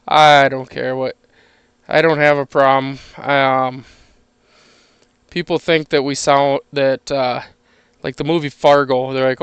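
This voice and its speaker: A man's voice: mid-range voice, steady tone, takes it slowly, gravelly, long pauses, clean tone, no room sound, highs cut off. A man chatting casually while sorting through coins, easygoing and chatty, chuckling between remarks. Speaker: coin collector streaming a penny hunt.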